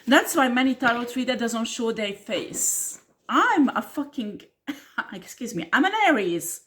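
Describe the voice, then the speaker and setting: Slightly high and expressive, her bright-ish voice moves at a measured pace. She delivers a tarot monologue to camera in a blunt, combative way, swearing and laughing scornfully while repeating "okay?" and "do you understand?"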